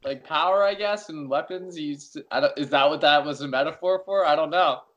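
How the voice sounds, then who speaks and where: A man's voice: on the high side, a little fast, a bit bright, dull audio. A young man co-hosting a podcast, chatting casually and eagerly explaining things. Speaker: podcast co-host.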